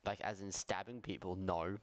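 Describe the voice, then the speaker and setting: Australian male streamer, lowish smooth voice, chatty reaction commentary. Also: fairly even intonation, moderate pace. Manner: chatty, laughs easily, puzzled asides.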